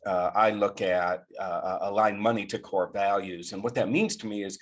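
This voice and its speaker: A man's voice: fairly low pitch, normal speed. A man hosting a casual interview, talking animatedly and often repeating his words. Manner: animated, repeats words, frequent "you know" and "right?". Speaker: podcast host and financial planner.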